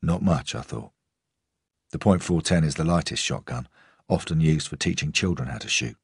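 A male narrator reads a first-person crime story in a measured, tense way. His voice is extremely deep with a husky edge. The sound is dry and close, with no room around it. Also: no room sound. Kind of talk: scripted audiobook narration.

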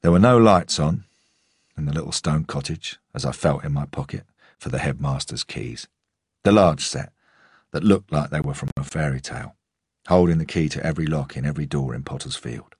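A man reading a crime story aloud as a first-person narrator, in a measured, tense storytelling manner. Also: very deep voice, breathy edge, dry recording, studio quality. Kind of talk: scripted audiobook narration.

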